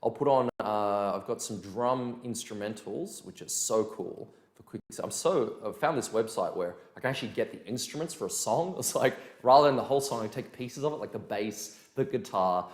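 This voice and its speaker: A man teaching a dance lesson in a casual, energetic way, counting beats aloud. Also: on the low side, moderate pace, hardly any pauses. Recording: echoey room with music behind.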